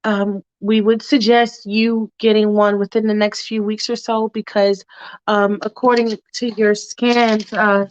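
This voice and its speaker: A woman voicing a grave male doctor who speaks low, softly and haltingly, apologizing. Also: level tone, no echo, dull audio, natural voice. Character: hesitant male doctor, soft-spoken and grave.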